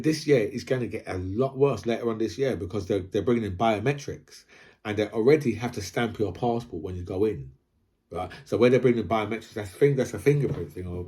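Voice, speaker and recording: A man's voice: lowish voice, mellow. A man from Britain, ranting casually about politics, rambling, repeating himself and asking "right?" again and again. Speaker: political commentator.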